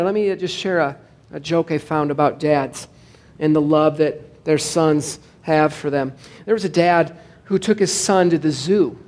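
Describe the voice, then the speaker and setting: A man, a pastor, preaching a sermon in a casual, digressive way, joking with the congregation and slowing down to stress scripture. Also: on the high side, a little mellow. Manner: conversational and digressive, with jokes to the congregation.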